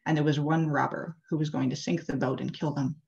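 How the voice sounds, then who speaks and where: Woman interfaith leader, low voice, casual chatty sermon delivery, muffled video call sound. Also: fairly even intonation, fairly quick, creaky, darkish tone. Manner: casual, chatty, many "like" and "uh" fillers. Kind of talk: storytelling sermon. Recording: dull lo-fi video call audio.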